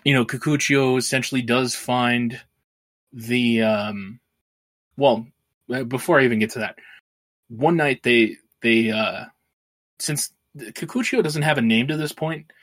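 Podcast co-host, male, loose rambling plot recap, salty language, mid-range pitch. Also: a little slow, a bit bright. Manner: rambling, swears freely, laughs while retelling. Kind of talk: casual film recap.

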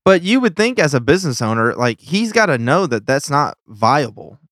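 Man, fairly high voice, worked-up podcast co-host, dry close mic. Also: very animated, moderate pace, a bit bright, dry recording. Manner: frustrated, worked-up, swearing. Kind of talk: heated casual political chat.

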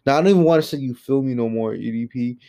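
A man hosting his own solo podcast, ranting in a heated, profane and exasperated way, swinging from low mutters to loud outbursts. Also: quick pace, gravelly. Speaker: podcast host.

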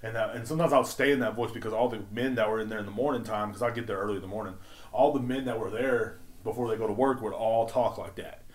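A man's voice: fairly low pitch, fast. A man hosting his own podcast, ranting casually with heavy swearing and emphatic outbursts. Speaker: podcast host. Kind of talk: casual profane rant.

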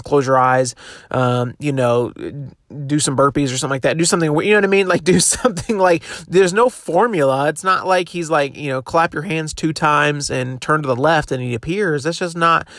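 A man's voice: fairly high pitch, steady tone, a little fast, fairly bright tone, dry recording, studio quality. A young man hosting a devotional podcast, talking in a casual, encouraging way with plenty of fillers and restarts. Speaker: podcast host.

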